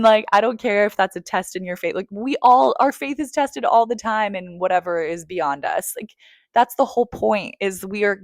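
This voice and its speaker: A woman in a candid confessional monologue, emphatic and profane, swinging between hushed moments and loud outbursts. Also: medium pitch, no room sound, clean studio sound. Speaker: vlogger.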